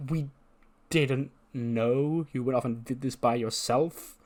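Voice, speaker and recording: A man's voice: medium pitch, slow pace, a little mellow, close to an everyday voice. A man voicing an exasperated, scolding male wrestler who can't believe his teammate. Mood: dry. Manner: incredulous, scolding.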